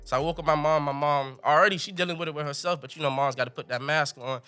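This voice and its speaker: A young man telling a funny story as a podcast guest, animated and laughing, with colorful slang. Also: fairly high pitch, quick pace, clean tone, soft background music. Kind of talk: comic storytelling.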